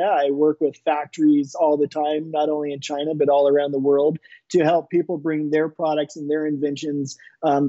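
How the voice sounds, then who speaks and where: A middle-aged man, an inventor and entrepreneur, telling stories in a casual interview with a relaxed, rambling delivery full of restarts. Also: fairly high pitch, no echo, muffled recording.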